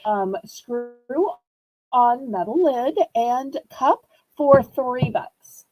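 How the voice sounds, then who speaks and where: A woman from New Orleans, USA, hosts a live-stream auction, chatting with viewers in a sympathetic, talkative way. Her slightly high voice has a mellow, darker tone, and she speaks at a very slow, unhurried pace. The recording is low quality.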